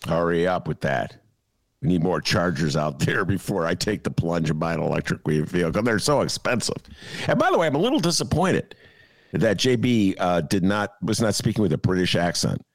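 Guy riffing on a podcast, gravelly, pitch all over the place, dry studio sound. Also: moderate pace, no room sound. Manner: animated, joking, self-deprecating. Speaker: podcast host. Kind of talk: casual comedic chat.

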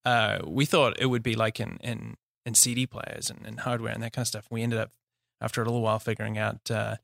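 A man with a New Zealand accent, a company founder telling his story in a relaxed interview, laughing easily and pausing on fillers. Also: on the low side, creaky, no echo, clean studio sound. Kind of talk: casual interview.

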